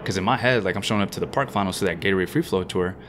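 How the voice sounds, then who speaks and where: A man guesting on a podcast, telling an animated, slangy anecdote about his riding career. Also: low voice, slight background noise. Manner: fast-talking. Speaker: guest BMX rider. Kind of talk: casual storytelling.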